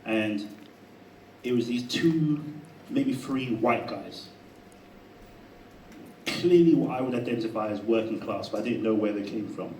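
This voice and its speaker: A man telling a personal story to a live audience in a chatty, animated way, often laughing. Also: fairly low pitch, a little slow, pauses often, reverberant, distant mic, a little hiss or hum, low-quality recording. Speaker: speaker at a live talk. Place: event room with an audience.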